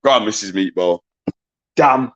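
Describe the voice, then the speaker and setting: A man hosting a live-stream quiz in casual chat. He swears often, jokes and shouts greetings to viewers. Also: on the low side, measured pace, muffled recording. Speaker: livestream quiz host.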